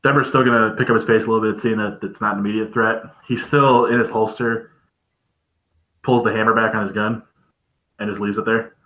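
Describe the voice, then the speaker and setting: A man's voice: on the low side, steady tone, brisk, fairly bright tone, echoey room, low-quality recording. A man describing his character's actions as a player in a tabletop role-playing game.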